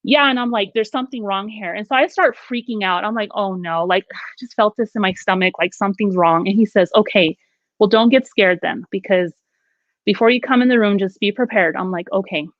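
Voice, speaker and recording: A woman's voice: medium pitch, brisk, dry recording. Woman telling a ghost story, muffled dry sound. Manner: animated, acts out quoted lines. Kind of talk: casual storytelling chat. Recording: dull, dry lo-fi audio.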